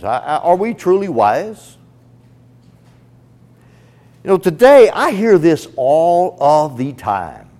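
A man's voice: fairly high pitch, mellow. A man preaching a sermon, earnest and emphatic, speaking straight to the listener as a friend.

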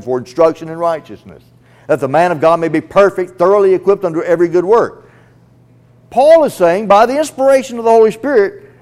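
Earnest male preacher with lively pitch. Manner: earnest, emphatic, addresses listener as friend. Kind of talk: sermon.

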